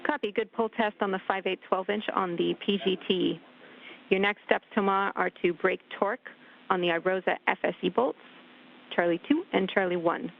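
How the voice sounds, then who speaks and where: A woman's voice: mid-range voice, normal speed, vocal fry. A woman from Canada working as spacewalk communicator, precisely reading back technical calls over the radio. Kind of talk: mission control radio calls. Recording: tinny radio link with static hiss.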